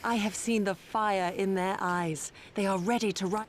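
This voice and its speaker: An earnest female warrior from a fantasy game urges her lord on in formal, pressing speech, voiced by a woman. Her voice sits at a middle pitch, with faint background noise around it. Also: fairly even intonation, normal speed, close to an everyday voice.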